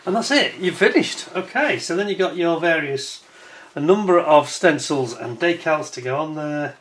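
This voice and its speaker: A man's voice: fairly high pitch, lively intonation, normal speed, a bit bright, a little hiss or hum. A man giving a casual hands-on review of a scale model kit, chatty and admiring, with wry self-mocking asides.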